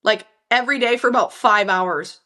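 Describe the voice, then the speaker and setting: Bright, animated young woman telling stories. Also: a little high, normal speed. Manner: animated storyteller, laughs often, acts out quotes. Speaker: guest, Olympic hockey player. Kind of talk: casual interview chat.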